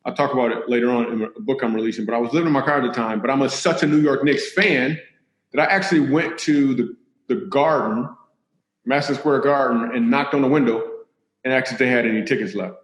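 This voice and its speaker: Animated comedian man, echoey room. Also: mid-range voice, quick pace. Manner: animated, acts out other voices. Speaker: comedian guest. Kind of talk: casual comic storytelling.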